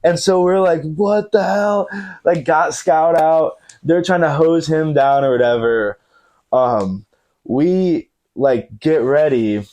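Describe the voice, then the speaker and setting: Taking his time, a man in his thirties tells a comic story as a podcast guest, his voice on the high side and somewhat dark. The chat is casual and recorded in a living room, and he laughs frequently and fills pauses with lots of fillers.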